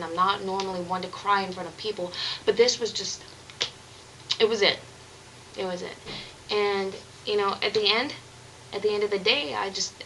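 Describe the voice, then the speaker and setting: A woman's voice: mid-range voice, a bit bright, slight background noise, poor audio. A young woman vlogging, telling a personal story in a candid, earnest, rambling way with many restarts. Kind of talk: confessional vlog monologue.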